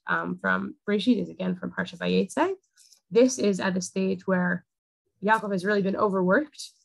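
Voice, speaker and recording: A woman's voice: medium pitch, vocal fry, dry recording, low-quality recording. A young woman teaching a casual Torah class, talking things through with many fillers. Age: young adult.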